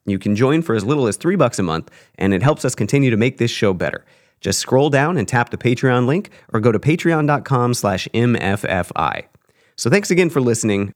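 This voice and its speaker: A young adult man co-hosting a podcast, telling embarrassing stories in casual chat and laughing through them. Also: medium pitch. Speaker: podcast co-host.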